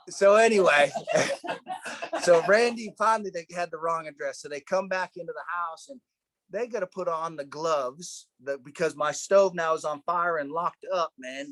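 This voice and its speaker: A man teaching a Bible study in a casual, animated way, often adding "right?" and "man" as he talks. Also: fairly high pitch, no room sound. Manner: animated storyteller, tags lines with "right?" and "man".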